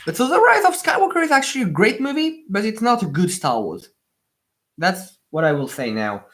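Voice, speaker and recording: A man's voice: on the high side, fairly bright tone, slight background noise. A young man with a French accent chats through a casual livestream. His speech rambles, with frequent fillers, restarts and repeated words as he reacts to viewers. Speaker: livestream host building Lego.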